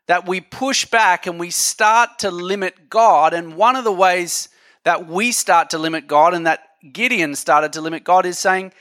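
A man's voice: high-pitched, unhurried, bright, forceful tone, no room sound, clean studio sound. A man preaching a sermon in a conversational, joking way, talking with his audience.

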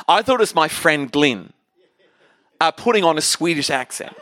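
A man's voice: a little high, no room sound, clean studio sound. A man preaching as a guest pastor, telling a funny story with energy and repeated restarts. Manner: energetic, humorous, repeats words. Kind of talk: storytelling sermon. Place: church hall.

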